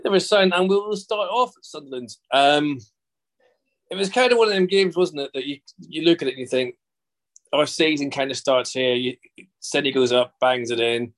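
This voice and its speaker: A man's voice: a little high, normal speed, fairly bright tone. A man hosting a casual football podcast, jokey and chatty. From England. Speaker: podcast host.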